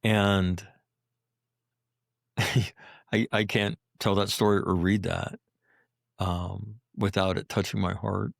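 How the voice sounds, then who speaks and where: Gravelly low-voiced man telling stories. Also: level tone, slow pace, pauses often, no room sound, clean studio sound. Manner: blunt and profane, leans on "right?" and "you know". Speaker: podcast guest, Marine veteran. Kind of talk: emotional personal storytelling.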